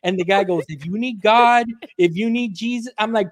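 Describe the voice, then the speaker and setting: A young man from the Miami area, a podcast guest telling stories in casual chat, animated and swearing freely as he acts out quotes. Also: sits high, normal speed, dry recording, clean studio sound.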